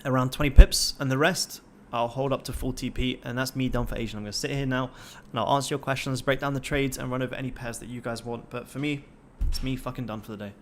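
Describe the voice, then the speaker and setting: Young male livestream host, casual and profane, hyped and motivational, average pitch. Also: fairly even intonation, fast, hardly any pauses, a bit bright, slight background noise. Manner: swears constantly, pumped-up and motivational.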